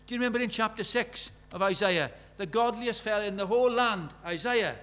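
High-voiced preacher. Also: male voice, a little fast, fairly bright tone. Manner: conversational, asks the congregation many questions; recites scripture with rising force. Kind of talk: sermon.

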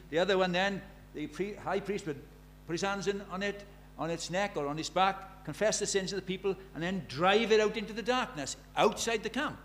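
Male preacher, sermon delivery, slightly high voice, emphatic, repeats his points and asks rhetorical questions. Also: a bit bright, slight background noise.

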